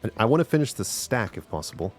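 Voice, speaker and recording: A man's voice: fairly low pitch, very animated, quick pace, soft background music. A man streaming a video game, chatting casually and thinking aloud as he plays. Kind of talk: casual gaming livestream chat.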